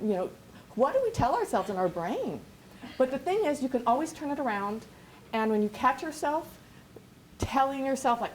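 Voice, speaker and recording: A woman business coach giving an energetic, rambling workshop lecture with many restarts. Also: high-pitched, moderate pace, slight background noise, low-quality recording.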